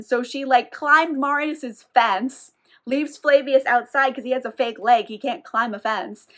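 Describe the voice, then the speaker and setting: A woman's voice: high-pitched, fairly even intonation, unhurried, a bit bright. Laughing, irreverent woman recapping a book. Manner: irreverent, laughs often, lots of "like". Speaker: book reviewer.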